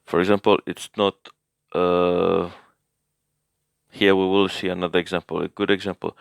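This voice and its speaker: Low, gravelly man explaining slowly. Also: flat delivery, no echo, clean studio sound. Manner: hesitant, thinking aloud and correcting himself. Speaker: language learner teaching a recap. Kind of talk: casual language lesson recap.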